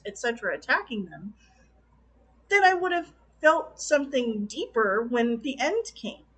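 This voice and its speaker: A woman talking in a casual video review, passionate and exclamatory, quick to laugh as she vents. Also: fairly high pitch. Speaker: film reviewer.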